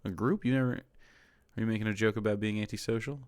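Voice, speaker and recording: A man's voice: lowish voice, steady tone, fast, a little mellow, smooth, no echo, clean studio sound. A man streaming, reacting to a cooking video in casual, profane commentary that keeps tipping into exasperated ranting.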